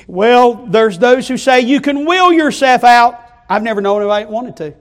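Male preacher, high-pitched, fervent sermon delivery. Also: moderate pace. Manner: fervent, rising to loud repeated climaxes.

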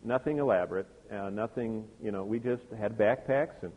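A man's voice: lowish voice, normal speed. Older man preaching, tinny and echoey. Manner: conversational storyteller with frequent asides to the congregation. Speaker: pastor. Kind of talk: sermon with personal storytelling. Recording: tinny phone-like sound with long hall reverb.

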